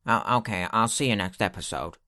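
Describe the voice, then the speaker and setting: A man's voice: on the low side, animated, brisk, sharp tone, no echo, pitched below the performer's own voice. A man voicing a meek, clingy male superhero who stammers nervously, in a dry recording. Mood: awkward.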